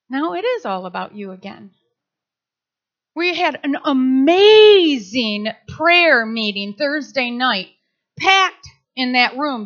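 A woman's voice: high voice, muffled recording. A woman preaching a sermon, telling stories animatedly and acting out quotes. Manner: animated storytelling with acted quotes.

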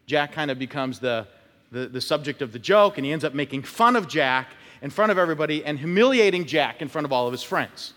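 A man's voice: a little high, lively intonation, brisk, a bit bright. A male pastor preaching a conversational sermon, telling stories and acting out short quotes. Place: church sanctuary. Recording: long church reverb.

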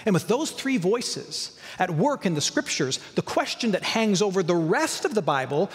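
A man's voice: sits high, big pitch swings, normal speed, long reverb tail. A male pastor preaching a sermon, emphatic, with repeated lists and rhetorical questions.

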